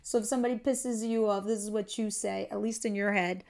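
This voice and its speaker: A woman's voice: mid-range voice, fairly even intonation, normal speed, creaky, a little mellow. A woman giving a casual tarot reading to her viewers, chatty and laughing often, with casual swearing. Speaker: tarot reader.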